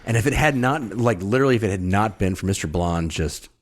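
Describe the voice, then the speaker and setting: A man with a low voice and lively swings in pitch talks in a casual movie review chat. He reacts with frequent chuckles and throws in emphatic comments. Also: fast.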